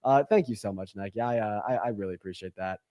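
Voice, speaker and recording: A young man hosting a live-stream debate, talking fast and bluntly with lots of fillers. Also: lowish voice, dark tone, dry recording, studio quality.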